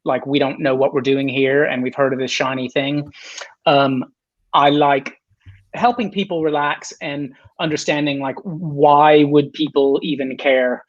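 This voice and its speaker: A man's voice: on the high side, steady tone, unhurried, lo-fi sound. A man in his forties, a guest on a video-call chat, talking in a rambling, self-deprecating way with many restarts.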